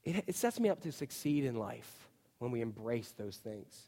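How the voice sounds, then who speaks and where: A man preaching a chatty, animated sermon as a pastor, full of asides and "you know". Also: mid-range voice, moderate pace. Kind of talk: conversational sermon. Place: church. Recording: long reverb of a church hall.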